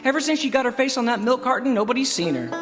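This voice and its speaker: A man's voice: extremely high pitch, animated, very fast, voice pushed up. A man voicing a goofy, bored male cow who cracks cheesy puns. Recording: long hall reverb with banjo music.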